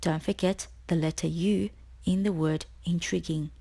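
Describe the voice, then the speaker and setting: A woman tutor reading a scripted spelling lesson, explaining each word slowly and clearly. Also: lowish voice, steady tone, mellow. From Australia. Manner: slow, clear, deliberate explanations.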